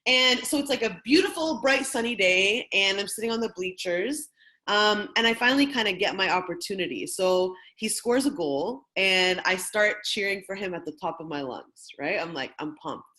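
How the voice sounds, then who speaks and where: Leading a workshop, this facilitator in her thirties recounts a personal story with candor and energy, keeping it conversational. She speaks at a moderate pace with medium pitch.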